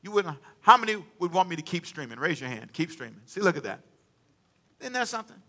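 Bright-voiced man preaching with call-and-response. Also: a little high, big pitch swings, brisk, creaky. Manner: call-and-response preaching, dramatic swings in volume. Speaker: pastor. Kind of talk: sermon. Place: church sanctuary with congregation.

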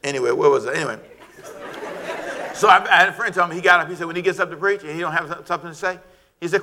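A middle-aged man preaching a sermon, animated and shouting at times, calling for amens from the congregation. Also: fairly high pitch, racing, pauses often, a faint crowd, slight background noise. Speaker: pastor.

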